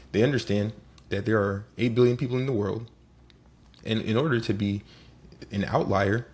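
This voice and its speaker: Gravelly low-voiced man giving a pep talk. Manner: animated, acts out little scenes. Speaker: motivational host. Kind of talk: casual motivational talk.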